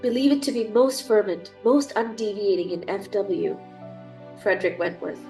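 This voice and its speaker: A woman's voice: mid-range voice, fairly even intonation, moderate pace, a little mellow, faint music behind, rough recording. A young woman with a cold, streaming a dating sim and reading its text aloud with chatty, gushing asides. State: has a cold. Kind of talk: reading game text aloud with casual commentary.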